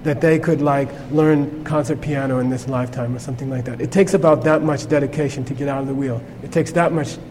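A man's voice: mid-range voice, steady tone, brisk, few pauses, a little mellow, slight background noise. Chatty man teaching a class, echoing room. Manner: conversational, peppered with "okay?" checks. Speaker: Buddhist teacher. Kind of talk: informal class lecture.

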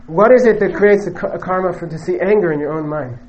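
A man's voice: sits high, quick pace, darkish tone, a little hiss or hum, poor audio. A man giving a Buddhist teaching to a live audience, conversational and joking, who often stops to check in with "okay?" and "you know". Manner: joking, emphatic asides.

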